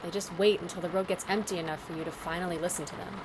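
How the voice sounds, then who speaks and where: Woman voicing a resolute young traveler, medium pitch, earnest, audible hiss. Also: steady tone, very fast, lightly acted. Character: determined young woman on a road trip. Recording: background hiss.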